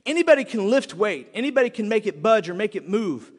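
A man's voice: high-pitched, big pitch swings, fast. A man preaching a sermon with lots of energy, acting out little voices and laughing often. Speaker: pastor. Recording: long hall reverb.

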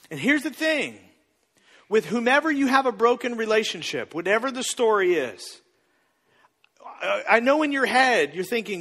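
A man preaching a sermon as a pastor, casual and joking, acting out quotes with animated energy. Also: very high-pitched, normal speed. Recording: long reverb in a hall.

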